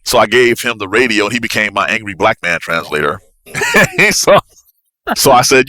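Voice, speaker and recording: A man, a navy officer, telling a story as a podcast guest in an animated, excitable way with bursts of laughter. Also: fairly low pitch, moderate pace, no room sound. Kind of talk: casual storytelling.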